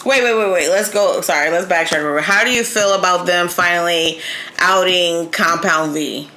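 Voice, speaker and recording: A woman's voice: lowish voice, normal speed, rough recording. A woman co-hosting a podcast, chatting expressively about a TV show. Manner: expressive, laughs often. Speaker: podcast co-host. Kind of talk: casual review chat.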